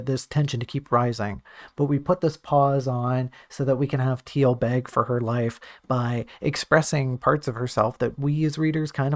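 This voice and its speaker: A man with a gravelly, creaky voice talks through his own writing on a casual stream. He thinks aloud and is quick to poke fun at himself. His pitch sits in the middle range for a man. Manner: thinking aloud, self-critical and joking. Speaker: writer reviewing his own draft on stream.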